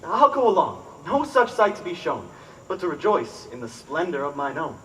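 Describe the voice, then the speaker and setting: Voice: medium pitch, sing-song, normal speed, slight background noise, lightly acted. An actor playing an earnest, lovesick young man, in outdoor Shakespeare stage acting. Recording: voice from far off the mic.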